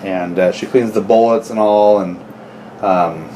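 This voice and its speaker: A man's voice: lowish voice, fairly even intonation, unhurried, background noise. A man talking casually through a home how-to vlog, rambling into chatty asides as he works in his kitchen. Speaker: gun owner vlogger.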